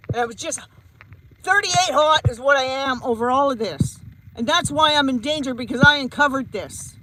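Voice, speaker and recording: A woman's voice: sits high, moderate pace, pushed and bright, poor audio. A woman, a psychic medium, giving a heated vlog rant and repeating her points emphatically. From Canada.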